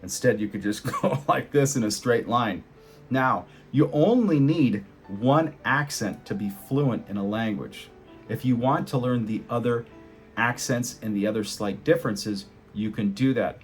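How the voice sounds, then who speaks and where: Male English tutor, casual and animated, mid-pitched voice, faint guitar music underneath. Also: a little slow. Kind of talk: casual teaching to camera.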